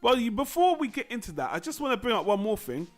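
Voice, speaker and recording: A man's voice: very high-pitched, big pitch swings, fast talker, soft background music. A man hosting a casual chat show, talking in a rambling, conversational way with frequent restarts. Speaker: podcast host.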